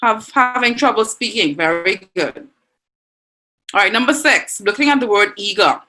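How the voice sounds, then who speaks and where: A woman teacher with a Bahamian accent, leading an online class and warmly reading out and praising students' answers. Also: mid-range voice, animated, moderate pace, poor audio. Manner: encouraging, reads students' answers aloud with frequent praise.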